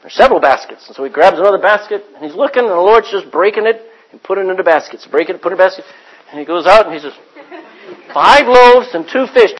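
A man preaching a sermon as pastor, swinging from hushed asides to loud acted-out quotes. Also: high-pitched, lively intonation, rapid-fire, dull audio.

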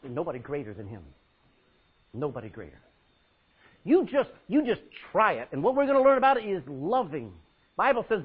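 This preacher has a high, husky voice and a brisk delivery, bringing scripture scenes to life as his pitch rises and plunges. He laughs along the way and lowers his volume dramatically for effect, all on a dull, lo-fi recording.

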